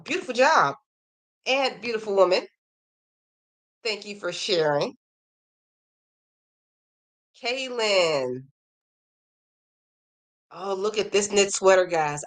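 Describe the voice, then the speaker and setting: Reading viewers' emails on her crochet podcast, a woman chats casually and gushes enthusiastically over their work. Her medium-pitched voice is animated and a bit bright, a little slow, with long pauses. She seems to be slightly losing her voice, which sounds a little worn.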